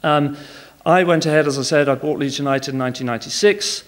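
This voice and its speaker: A man's voice: on the high side, fast, big-room sound. A man speaking at a conference, telling frank, wry business anecdotes.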